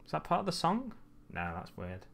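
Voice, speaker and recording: A man's voice: on the high side, huge pitch swings, normal speed, vocal fry, a bit bright. A man chatting casually to his viewers as he places tufts on a model base, often muttering to himself. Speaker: hobby streamer. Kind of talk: casual chat while crafting.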